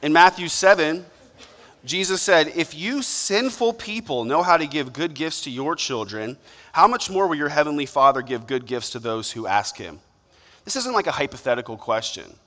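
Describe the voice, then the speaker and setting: A man's voice: on the high side, animated, moderate pace, fairly bright tone. A young man preaching a sermon as a pastor, in a conversational style with acted-out asides. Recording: long hall reverb.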